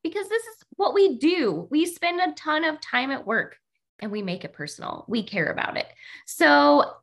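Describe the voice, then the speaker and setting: A woman hosts a laid-back podcast about the workplace, animatedly telling stories and acting out what people said. Her voice is high-pitched and gravelly, delivered at a moderate pace.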